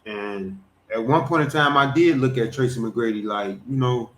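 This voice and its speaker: A man's voice: medium pitch, expressive, normal speed, fairly bright tone. A man hosting a commentary channel, talking casually and repeating points in a laid-back way. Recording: echoey room.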